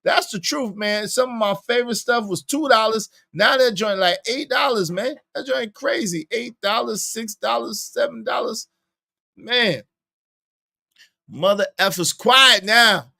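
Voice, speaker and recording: A man's voice: high voice, measured pace, creaky. A young man hosting a casual livestream, reading the chat aloud and teasing viewers with lots of repetition. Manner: animated, teasing, repeats lines to the chat.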